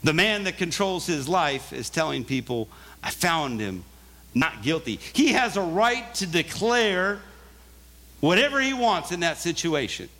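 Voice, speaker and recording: A man's voice: sits high, animated, measured pace, bright, forceful tone. Earnest male pastor preaching. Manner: earnest, conversational, emphatic. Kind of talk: sermon.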